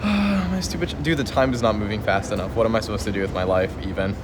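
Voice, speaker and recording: Young male streamer, lowish voice, rambling, half-whispered chat, phone mic, noisy airport behind him. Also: rapid-fire. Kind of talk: casual livestream chat. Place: busy airport terminal, sitting on the floor.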